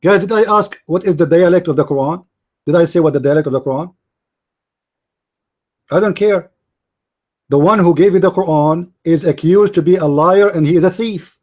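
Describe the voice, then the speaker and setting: A man's voice: fairly high pitch, normal speed, pauses often, a little mellow. A man hosting a live debate, arguing emphatically and repeating his points to the viewers. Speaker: debate host.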